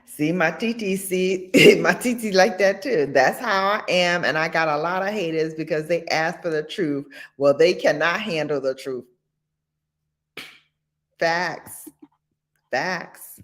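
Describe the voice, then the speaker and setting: A woman hosting a casual commentary vlog, blunt and sassy, with animated asides. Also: on the low side, slow pace. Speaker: host.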